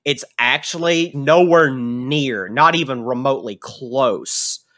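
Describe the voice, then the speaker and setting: A man's voice: medium pitch, slow. Man, game master, laid-back, explaining rolls and items, tabletop game. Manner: casual, relaxed explaining with fillers.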